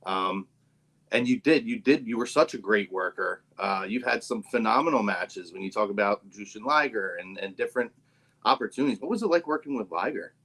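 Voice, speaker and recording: Low-voiced male interviewer. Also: expressive, a little fast, fairly bright tone, poor audio. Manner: encouraging, short affirmations. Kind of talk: casual interview.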